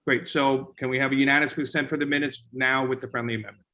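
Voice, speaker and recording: A man chairing a community board meeting, talking informally with many halting restarts. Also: medium pitch, level tone, sharp tone.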